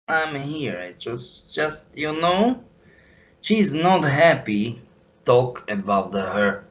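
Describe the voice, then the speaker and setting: A man speaking as a guest on a video call, haltingly searching for words. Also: mid-range voice, sing-song. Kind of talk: casual online chat.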